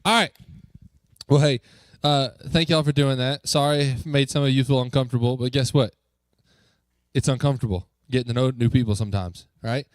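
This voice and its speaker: A man leading a youth group as its pastor, upbeat and joking, coaxing the crowd with quick questions. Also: medium pitch, fairly even intonation, no room sound, clean studio sound. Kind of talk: lively talk to a youth group. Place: church youth room.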